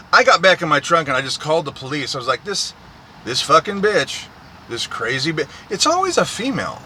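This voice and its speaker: A man's voice: on the high side, bright, forceful tone, a little hiss or hum. A man, a truck driver, in a profane, repetitive, aggrieved ranting monologue.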